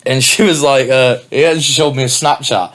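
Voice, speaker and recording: A man's voice: medium pitch, moderate pace, fairly bright tone. A young man, a DJ and MC guest on a podcast, talking candidly and swearing in casual chat. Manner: candid, sweary, laid-back.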